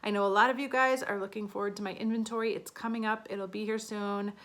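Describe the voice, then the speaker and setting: Bright-voiced chatty woman beauty vlogger. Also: medium pitch, steady tone, quick pace. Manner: chatty, flustered, counting aloud. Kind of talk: casual talk to camera.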